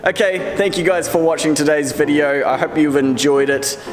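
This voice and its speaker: A man talking casually to camera as a car audio vlogger, relaxed and rambling. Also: on the high side, normal speed, in a large hall. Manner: relaxed, rambling, chatty with viewers.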